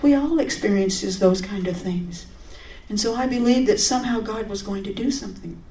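A woman giving a personal testimony in a sermon, earnest and conversational with sudden animated outbursts. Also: mid-range voice, moderate pace. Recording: roomy, from a distance.

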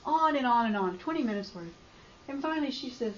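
High-voiced woman giving impassioned testimony. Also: animated, fast talker, a little hiss or hum. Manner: impassioned storytelling that swings from hushed to loud outbursts. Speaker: speaker sharing a faith testimony. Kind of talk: emotional personal testimony. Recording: roomy, slightly dull recording.

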